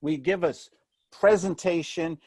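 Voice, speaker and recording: A man's voice: on the high side, a little slow, darkish tone, no room sound, clean studio sound. A middle-aged man from New York City with a New York accent, a real estate mentor in an interview who asks himself questions and acts out what other people say. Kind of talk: animated interview talk.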